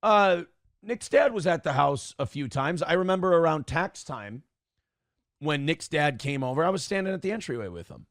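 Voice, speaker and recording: A man's voice: fairly high pitch, animated, normal speed, dry recording, studio quality. A man telling a rambling, self-correcting story in a casual livestream, acting out what others said. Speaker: streamer reading chat and telling a story.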